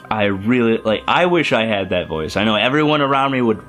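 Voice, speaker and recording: Young man, very low voice, rambling casual vlog, enthusiastic, lots of restarts, faint music underneath. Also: animated, fairly quick, fairly bright tone. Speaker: youtuber. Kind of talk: casual movie review vlog.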